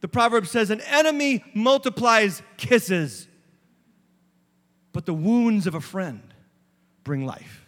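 A middle-aged male pastor preaching with emphatic force, his voice high and bright as it rises and presses each point. It carries through a large sanctuary with a long reverb trailing behind it. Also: animated, slow pace, pauses often. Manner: emphatic, preaching with rising intensity. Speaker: lead pastor. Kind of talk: sermon. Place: church sanctuary.

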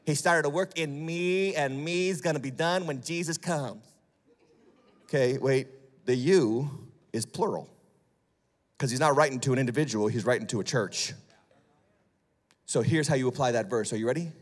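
A male lead pastor preaching a sermon, blunt and sarcastic, dropping low and then rising to loud, emphatic peaks. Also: moderate pace, long pauses, in a large hall. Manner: emphatic, swings from hushed to shouting. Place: church sanctuary.

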